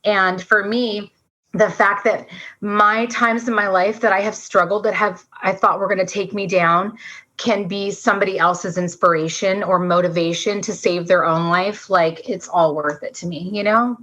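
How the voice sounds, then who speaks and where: A woman in her forties telling a personal story as a podcast guest, fast and earnest, saying "like" often. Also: medium pitch, fairly even intonation, pushed and bright. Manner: fast, earnest, says "like" a lot. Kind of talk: emotional storytelling. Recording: dull lo-fi sound.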